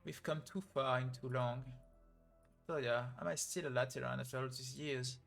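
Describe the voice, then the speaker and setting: A man voicing a weary, sorrowful old male abbot from a video game story, read slowly and heavily. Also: medium pitch, steady tone, creaky, a bit bright, soft background music.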